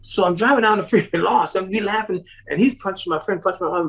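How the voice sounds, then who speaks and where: Fast and gravelly, a man tells a long story as a guest in an interview, breaking into laughter often. He acts out the people in it, his pitch shooting up sharply for their quoted lines, and the audio is poor.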